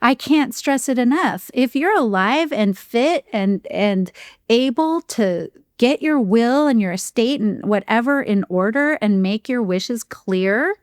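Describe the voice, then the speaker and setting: A woman's voice: on the high side, animated, unhurried, no room sound. Female podcast guest, grief coach, earnest and emphatic, dry close sound. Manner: earnest and emphatic, laughs easily. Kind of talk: podcast interview conversation.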